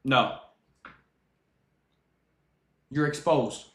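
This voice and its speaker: A man reacting to a clip on stream, animated and mocking, hammering points home by repeating them. His voice rings out in a noticeably echoey room. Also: mid-range voice, a little slow. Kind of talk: casual reaction commentary.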